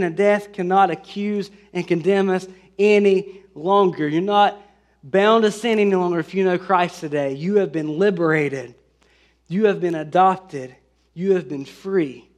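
A man preaching a sermon in an earnest way, with fillers and restarts, lifting his voice for scripture. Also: sits high. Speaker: pastor.

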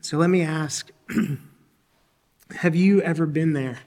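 A man preaching a sermon as a pastor. He speaks earnestly, often repeats or restarts his words, and clears his throat from time to time. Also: a little high, slow, darkish tone, big-room sound.

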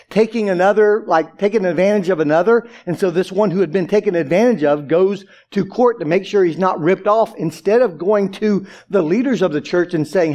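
A man's voice: high-pitched, darkish tone. A male pastor preaching a sermon in a conversational way, full of rhetorical questions and casual asides.

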